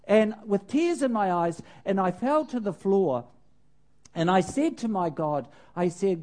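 An older man, a preacher, telling a personal story in a sermon with animated, self-mocking humor and laughing at himself. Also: high voice, measured pace.

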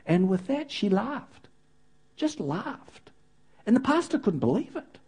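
A woman's voice: mid-range voice, sing-song, measured pace, darkish tone, slightly rough. A woman preaching to a congregation, telling a story with playful asides to the audience. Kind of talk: sermon with storytelling.

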